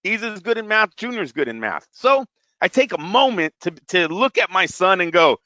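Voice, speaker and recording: A man in his thirties telling animated stories in casual chat, swearing heavily. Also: high-pitched, moderate pace, no echo, highs cut off. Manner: animated storytelling, heavy swearing. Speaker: podcast co-host.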